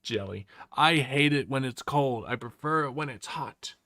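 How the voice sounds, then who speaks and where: A man's voice: medium pitch, normal speed, pushed and bright, no room sound, clean studio sound. A young Australian man chatting casually on a live stream, rambling and opinionated with lots of fillers.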